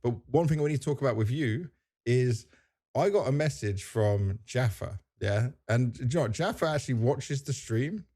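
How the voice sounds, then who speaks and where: A male podcast host chats and jokes his way through the conversation in a mellow, dark-toned voice at a middling pitch. He talks casually and keeps things moving. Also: expressive, normal speed. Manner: chatty and joking, leads the conversation.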